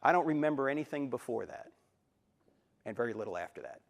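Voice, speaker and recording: A man in his sixties giving a live lecture in a university auditorium, an animated storyteller who acts out quotes and jokes. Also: medium pitch, fast talker, gravelly. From New Jersey, USA. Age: 60s. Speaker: Christian apologetics speaker.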